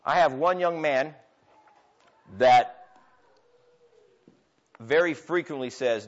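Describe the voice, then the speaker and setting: A pastor in his thirties or forties delivers an impassioned sermon, rising to loud, emphatic peaks and dropping to near-quiet asides. His voice sits fairly high for a man. The recording is dull and lo-fi, with muffled highs. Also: slow pace.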